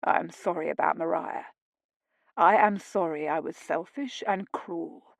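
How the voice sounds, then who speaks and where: A woman voicing a remorseful aristocratic duke who speaks quietly and pleads. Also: lowish voice, measured pace, vocal fry, no echo, clean studio sound.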